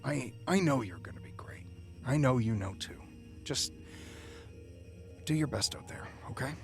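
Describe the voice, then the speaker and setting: A man voicing a meek, gentle father who speaks softly and hesitantly. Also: mid-range voice, sing-song, fast, soft background music, voice pushed down, natural voice. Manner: soft, hushed, hesitant. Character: meek, gentle father, soft-spoken and easily hurt.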